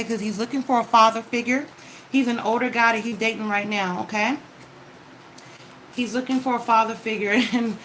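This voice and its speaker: Her voice is fairly high and fairly bright, and the low-quality recording carries a little hiss or hum. As a tarot card reader, she addresses the viewer directly in a casual reading, sharing advice with frequent "okay?" check-ins.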